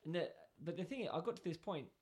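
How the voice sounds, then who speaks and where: A man's voice: fairly high pitch, expressive, fast talker, breathy edge. A British man co-hosting a podcast, telling a story in casual chat and acting out both sides of the conversation. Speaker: podcast co-host.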